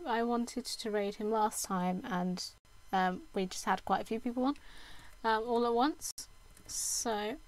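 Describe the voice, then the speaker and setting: Giggly British woman, slow and dry. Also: a little high, no room sound. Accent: Southern English. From United Kingdom. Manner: chatty and giggly, laughs often. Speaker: game streamer. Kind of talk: casual live-stream chat.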